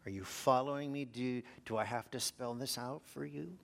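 A man preaching a sermon, asking his congregation rhetorical questions and dropping to a hush for emphasis. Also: mid-range voice, normal speed, gravelly. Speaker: pastor.

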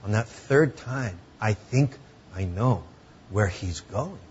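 A man preaching a sermon in a conversational way, sometimes dropping to hushed tones. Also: on the low side, expressive, slow pace, highs cut off, a little hiss or hum. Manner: conversational, drops to hushed tones for emotional moments.

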